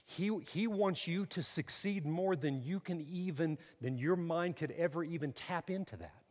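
A middle-aged man preaching a sermon, emphatic, swinging from quiet to loud and repeating words. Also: fairly high pitch, normal speed, big-room sound.

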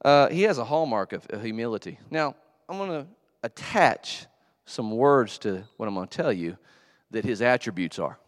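A man's voice: medium pitch, moderate pace, no room sound, clean studio sound. A man preaching a casual, slangy sermon in a church. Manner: animated storytelling, slangy, with acted asides. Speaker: pastor.

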